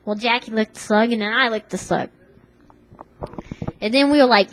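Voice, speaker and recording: A woman's voice: fairly high pitch, moderate pace, fairly bright tone, rough recording. A woman telling a rambling comic story in casual chat, full of fillers. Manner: rambling, lots of "like" and "you know".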